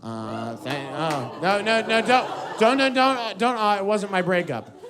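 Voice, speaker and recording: Man, stand-up comic, high lively voice, chatty, live crowd. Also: a little slow. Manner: chatty, self-interrupting with fillers. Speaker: stand-up comedian. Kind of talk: stand-up storytelling. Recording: live audience crowd audible.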